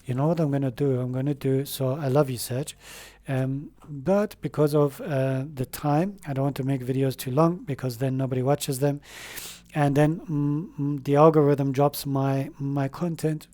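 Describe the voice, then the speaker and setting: A man giving a spoken tarot reading, gentle and affirming, rambling with fillers and slow pauses. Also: medium pitch, fairly even intonation. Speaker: tarot reader.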